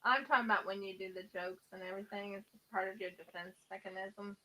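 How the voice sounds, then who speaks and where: A woman hosting a craft chat, calmly counting her stitches aloud and giving short replies. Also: medium pitch, fast talker, poor audio. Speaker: host crocheting on camera. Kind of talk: casual chat while crafting.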